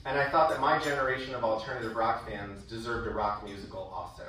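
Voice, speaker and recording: Speaking quickly in a lowish voice, a young man who once attended the school tells wry, animated stories in a speech there. The audio comes from far off in an echoey hall and carries a little hiss or hum.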